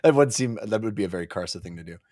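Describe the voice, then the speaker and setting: A man co-hosting a podcast, chatting excitedly about a book and acting out its characters' lines. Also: lowish voice, rapid-fire. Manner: excitable, acts out quotes in voices. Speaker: podcast co-host. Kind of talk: casual book discussion.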